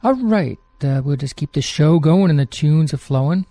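A man's voice: a little high, animated, normal speed, warm tone, no room sound. A man hosting a music radio show, chatting casually between songs in a rambling way with frequent fillers.

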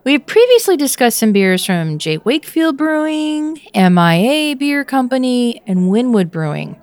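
A woman's voice: high-pitched, big pitch swings, measured pace, darkish tone, no echo. A woman hosting a podcast in casual chat, playful and laughing often. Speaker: podcast host.

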